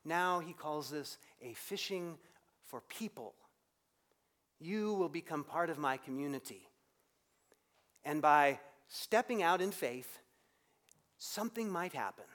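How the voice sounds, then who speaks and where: A man's voice: a little high, animated, slow, pauses often, fairly bright tone. A man preaching a sermon in a reflective, conversational way, rising and dropping his voice for emphasis.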